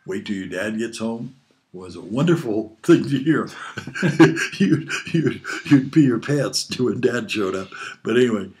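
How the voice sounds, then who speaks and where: Unhurried and expressive, an older man from Hawaii with a medium-pitched, darkish voice shares rambling family tales from his childhood. He's a father being interviewed, chuckling often through the casual storytelling.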